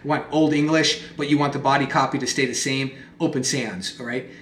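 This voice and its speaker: A man walks a viewer through a software task in a relaxed, conversational way, often restarting phrases and checking in with quick questions. His voice sits at an ordinary, middle pitch. The recording carries a noticeable echo from the room. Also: slight background noise. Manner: conversational, repeats and restarts phrases, lots of "okay?" and "right?" checks. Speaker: presentation software instructor. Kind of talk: casual screen-recorded tutorial. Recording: echoey room sound.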